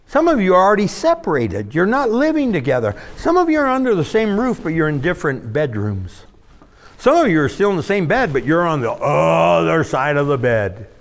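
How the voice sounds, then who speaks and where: A male pastor, preaching a sermon in an animated style that swings between loud and hushed. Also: on the high side.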